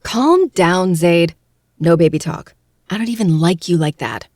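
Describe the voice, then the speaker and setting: A man voicing a wary, defiant young woman in a quick, clipped falsetto while reading a story aloud. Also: animated, darkish tone, no echo, studio quality. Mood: teasing.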